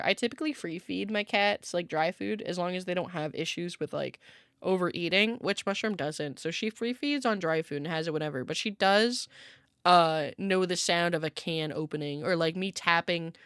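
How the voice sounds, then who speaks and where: A woman's voice: fairly low pitch, fairly bright tone, dry recording, clean studio sound. A woman streamer in casual chat with viewers, rambling with lots of filler words and laughing often, at home with her cat.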